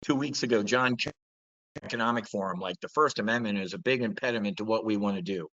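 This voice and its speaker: A man's voice: on the low side, fast talker, dry recording, muffled recording. Blunt, profane man ranting about markets. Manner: blunt, profane, animated rant with mocking impressions. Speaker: trading show host. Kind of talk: live market commentary.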